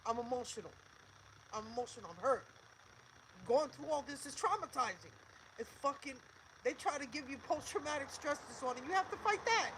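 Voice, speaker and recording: An older woman hosts a livestream in a high, brisk voice broken by long pauses, over a slight hiss or hum on poor audio. Her monologue is emotional: she speaks emphatically, repeats herself, swears, and preaches encouragement.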